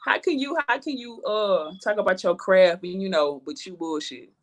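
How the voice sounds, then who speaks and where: A woman's voice: medium pitch, moderate pace. A woman rap artist from Houston with a Southern accent, talking in a laid-back, slangy way and swearing freely in a casual interview. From Houston, Texas.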